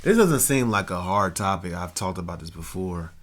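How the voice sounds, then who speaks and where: A man's voice: sits low, expressive, normal speed, fairly bright tone, slight background noise. A man giving casual reaction commentary, talking things through and repeating himself as he thinks aloud. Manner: conversational, repeats words when thinking aloud. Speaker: commentary host.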